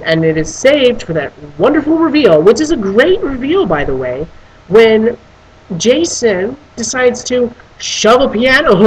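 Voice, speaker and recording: A reviewer on a casual video who talks in an animated, profane rant. The voice sits at a middling pitch with a husky, breathy edge. The speaker keeps tripping into restarts and now and then breaks into voices for characters. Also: low-quality recording. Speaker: film reviewer. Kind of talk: casual spoken film review.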